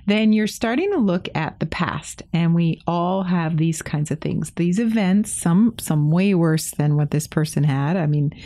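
Mellow-voiced woman explaining gently. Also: on the low side, a little slow, few pauses, dry recording. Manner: gentle, explanatory, laughs easily. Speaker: acupressure practitioner, co-host. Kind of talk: casual podcast chat.

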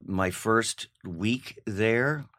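A middle-aged man telling a long personal anecdote in casual chat, animated, with laughs and restarts. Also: fairly low pitch, very slow, faint music behind. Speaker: guest. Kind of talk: casual storytelling.

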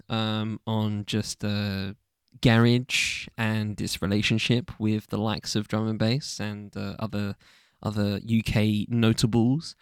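A man's voice: fairly low pitch, level tone, slow pace, clean tone, no room sound, clean studio sound. A young man from the UK hosting a casual solo podcast, rambling loosely with lots of ums and casual swearing. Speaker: podcast host.

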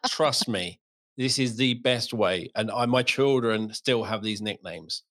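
बातूनी ब्रिटिश पुरुष पॉडकास्ट होस्ट. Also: male voice, fairly low pitch, unhurried. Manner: animated storytelling, acts out voices. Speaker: podcast host. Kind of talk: casual chat.

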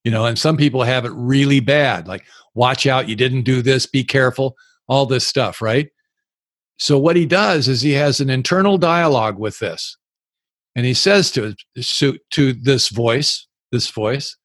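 A man's voice: mid-range voice, lively intonation, measured pace, no echo, studio quality. An older man speaking as a recovery speaker and sponsor, telling stories frankly and plainly during a live Q and A talk. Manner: frank, plain-spoken storytelling. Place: live event.

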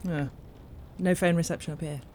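A woman's voice: low voice, steady tone, normal speed, darkish tone, a little hiss or hum, natural voice. A woman playing a blunt, teasing friend visiting a lighthouse in a radio drama. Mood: polite. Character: blunt, jumpy woman guest, adult.

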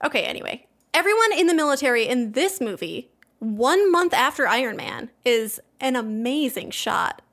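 A woman co-hosting a casual podcast, full of crude, deadpan sarcasm. Her voice is high and bright with a sharp edge. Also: moderate pace. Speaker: podcast co-host. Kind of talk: casual chat.

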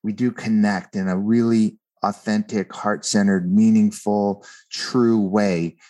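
Slow and dark-toned, this man's lowish voice barely moves in pitch. He's a guest author sharing a personal story in an earnest, conversational manner, frequently repeating words at the start of a thought.

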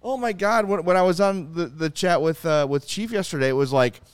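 A man's voice: high voice, a little fast, clear, resonant tone, no room sound. A man with a Chicago accent hosting a sports podcast, talking casually and swearing in frustration. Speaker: podcast host.

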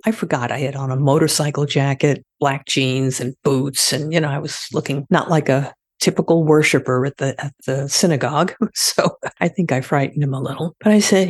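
A woman's voice: sits low, brisk, hardly any pauses, darkish tone, breathy edge, no echo, clean studio sound. An older woman speaking candidly as an interview guest, telling stories in a conversational way. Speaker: guest, former death investigator. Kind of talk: interview storytelling.

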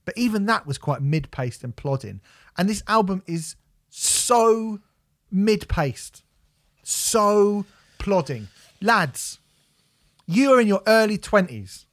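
A man's voice: high voice, sing-song, slow pace, long pauses, no room sound, clean studio sound. A young man co-hosting a music podcast, ranting and swearing as he mocks a record. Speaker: podcast co-host reviewing music. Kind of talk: casual chat.

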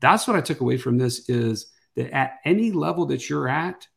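A man's voice: mid-range voice, expressive, normal speed, vocal fry, fairly bright tone. A man co-hosting a podcast in an upbeat, conversational way. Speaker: podcast co-host. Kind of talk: podcast promo and chat.

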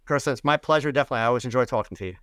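A man's voice: mid-range voice, racing, a bit bright, clean tone, no echo. A man in his sixties with an American accent, a podcast guest telling stories in an easygoing, reflective way. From United States. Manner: reflective, anecdotal, easygoing with fillers. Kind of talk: casual conversation.

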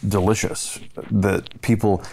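A man from central Illinois sharing stories in casual podcast chat. His voice sits somewhat low, and he speaks earnestly and steadily. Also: flat delivery, slow, vocal fry, warm tone, husky. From central Illinois, USA. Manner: earnest storytelling. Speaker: podcast co-host.

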